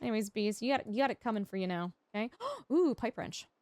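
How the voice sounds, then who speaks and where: A woman livestreaming a game, chatting casually and teasingly with her viewers, with quiet music behind her. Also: medium pitch, fast talker, no echo. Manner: chatty, animated, teasing, talks to chat. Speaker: streamer. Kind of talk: casual livestream chat while gaming.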